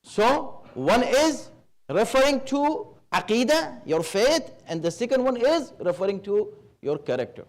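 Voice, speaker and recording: A man preaching at a religious gathering, speaking in a measured, emphatic way and weaving Arabic terms into his lecture. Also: very high-pitched, big pitch swings. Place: Islamic center hall.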